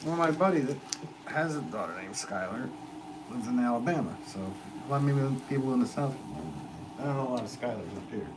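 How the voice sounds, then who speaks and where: A man's voice: mid-range voice, brisk. A man hosting a casual live stream as a potter, rambling and poking fun at himself with easy chuckles. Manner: rambling, self-deprecating, chuckling. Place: pottery studio. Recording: steady background noise.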